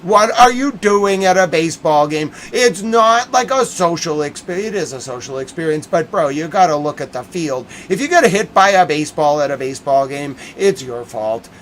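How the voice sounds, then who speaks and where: Heated Bostonian man ranting loudly. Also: fairly high pitch, expressive, moderate pace, few pauses, slight background noise, rough recording. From Boston area, United States. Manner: heated, exasperated rant with frequent swearing and shouting. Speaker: host. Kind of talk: casual ranting monologue.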